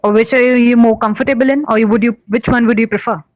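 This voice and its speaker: Young Indian woman, polite and measured. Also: a little high, fairly even intonation, dry recording, rough recording. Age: 20s. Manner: polite, measured, asks follow-up questions. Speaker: online English tutor. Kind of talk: casual video-call conversation.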